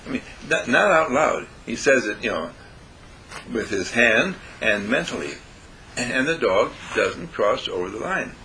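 Male storyteller, animated, acts out quotes, bright tone, faint background noise. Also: medium pitch, moderate pace, poor audio. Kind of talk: storytelling talk with moral.

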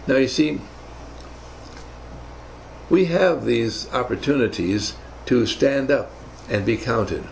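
A man's voice: mid-range voice, slow, creaky, long pauses, slight background noise, poor audio. An older man telling rambling, emphatic stories from his navy days in a motivational talk. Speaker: speaker recounting navy service.

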